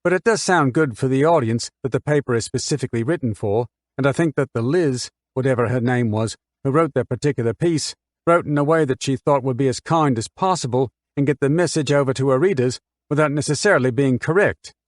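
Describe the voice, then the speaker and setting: A man's voice: medium pitch, brisk, hardly any pauses, no echo, studio quality, natural voice. A man reading an audiobook voices a woman on the witness stand, a mother who answers with scorn and precise, argumentative replies. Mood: indignant.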